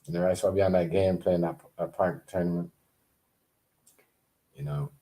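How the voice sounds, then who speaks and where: A man with a deep, low-pitched voice rants casually to the camera in a rambling, repetitive way. He talks with a dark, mellow tone, swears freely and hammers his points with emphatic repeats. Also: fairly even intonation, normal speed. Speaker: vlogger.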